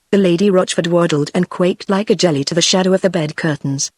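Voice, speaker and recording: A text-to-speech voice of a woman with a British accent, narrating an audiobook in an even, measured way. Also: on the low side, no room sound, clean studio sound. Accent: British English. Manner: even, measured synthetic delivery.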